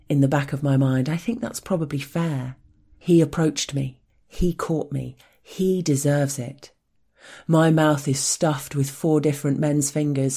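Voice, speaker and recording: A woman reading a first-person story in a hushed, intimate voice that often drops close to a whisper. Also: low voice, vocal fry, husky.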